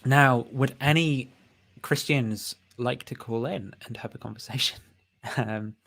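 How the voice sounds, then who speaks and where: A man's voice: medium pitch, measured pace, gravelly, fairly bright tone, no room sound. A man hosting a casual livestream, rambling and thinking aloud with frequent fillers and self-amused laughs. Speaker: host.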